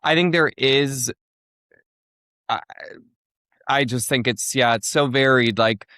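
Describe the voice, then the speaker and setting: A man's voice: medium pitch, slow pace, pushed and bright, no echo, clean studio sound. A young man from Fargo, North Dakota, a comedian guest on a podcast, rambling and filling his talk with "like" and restarts. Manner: rambling, heavy on "like", many restarts. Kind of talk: casual podcast interview.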